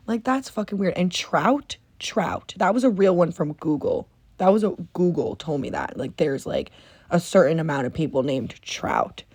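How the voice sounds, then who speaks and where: A young adult woman hosting a casual solo podcast, ranting about odd baby names in an incredulous, animated way, swearing and laughing often. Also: fairly low pitch, moderate pace. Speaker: podcast host.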